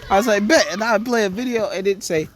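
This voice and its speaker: A man's voice: sits high, fairly quick. Man, improvised comic storytelling, rambling, faint background hiss. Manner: rambling, joking, acts out dialogue with stammers.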